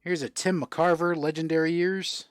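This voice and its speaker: A man's voice: a little high, steady tone, normal speed, no room sound, clean studio sound. Chatty man hosting a live card sale. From South Florida. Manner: chatty, reads out and answers viewer comments while selling cards. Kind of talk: casual live-stream chat.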